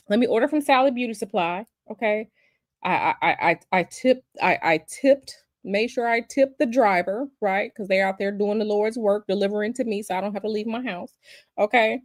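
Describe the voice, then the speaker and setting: A woman's voice: medium pitch, no echo, studio quality. A woman hosting a casual livestream, chatty and sassy, calling her viewers y'all and baby. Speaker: livestream host.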